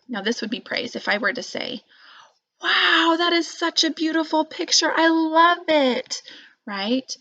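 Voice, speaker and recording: A woman's voice: mid-range voice, no echo, lo-fi sound. Woman teacher giving parenting advice. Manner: conversational, many fillers, acts out lively example phrases. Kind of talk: casual explanatory talk.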